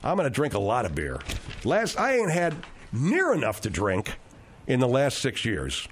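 A man's voice: medium pitch, wildly swooping pitch, moderate pace, a little hiss or hum. A man hosting a radio talk show, telling rambling, digressive stories with frequent restarts.

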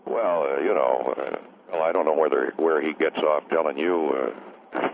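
A man calling in to a radio show, rambling and quick to take offense. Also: a bass voice, gravelly. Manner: rambling, touchy and defensive. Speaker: caller. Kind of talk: call-in radio chat. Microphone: telephone. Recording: tinny phone line, faint hiss.

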